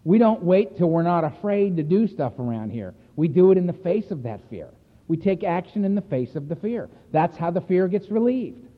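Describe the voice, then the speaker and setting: Guy talking at a recovery meeting, blunt and punchy, kinda high voice, echoey hall on a tinny line. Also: big pitch swings, normal speed. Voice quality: emphatic storyteller, blunt and earthy. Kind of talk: personal recovery talk to a meeting.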